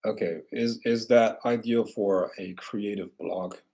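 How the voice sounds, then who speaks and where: A man's voice: on the low side, unhurried, vocal fry. A man rambling casually through viewer questions. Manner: relaxed, rambling, with frequent restarts. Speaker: host answering viewer questions. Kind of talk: casual livestream Q&A.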